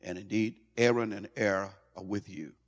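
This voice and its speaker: A male pastor preaching a sermon in an animated way, stumbling over and repeating words as he goes. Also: fairly low pitch, normal speed. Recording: long hall reverb.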